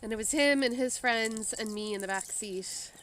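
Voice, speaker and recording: A woman's voice: on the high side, moderate pace, a bit bright. A woman chatting casually with her husband, laid-back, telling her own stories with dry remarks. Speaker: host, diamond painting vlogger. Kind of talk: casual chat, storytelling. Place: garden outdoors. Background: faint outdoor ambience.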